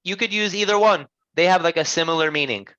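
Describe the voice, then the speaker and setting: A man's voice: sits high, fast talker, pushed and bright, dry recording, highs cut off. Patient man teaching an online English class. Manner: patient, encouraging, repeats and rephrases.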